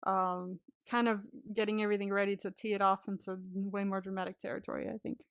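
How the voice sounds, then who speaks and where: Expressive woman laughing through a dry recap. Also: mid-range voice, quick pace, clear, resonant tone, no echo. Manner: expressive, laughs often, emphatic exclamations. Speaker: podcast co-host. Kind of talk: casual recap chat.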